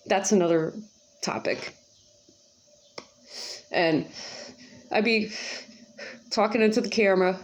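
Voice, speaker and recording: A woman's voice: medium pitch, a little mellow. Chatty, slangy woman vlogging at home. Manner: chatty, slangy and profane, with lots of asides. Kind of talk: casual rambling vlog monologue. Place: home kitchen.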